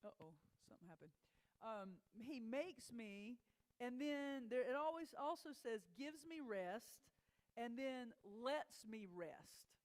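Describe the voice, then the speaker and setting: A woman's voice: a little high, lively intonation. Conversational woman preaching a sermon. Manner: conversational, asks the congregation questions; reads scripture slowly and deliberately. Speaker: pastor. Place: church sanctuary.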